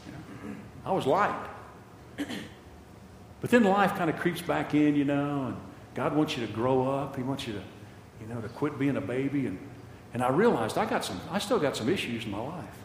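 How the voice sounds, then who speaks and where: A man's voice: mid-range voice, expressive, moderate pace, long pauses, slight background noise. Older male preacher in an echoey hall. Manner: impassioned, repeats phrases for emphasis. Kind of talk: sermon. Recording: echoey hall with long reverb.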